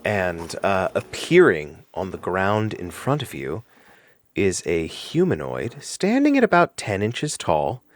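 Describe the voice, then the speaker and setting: A man's voice: low-pitched, huge pitch swings, slow pace, no echo. A man narrating a tabletop game as game master, hesitant with many fillers.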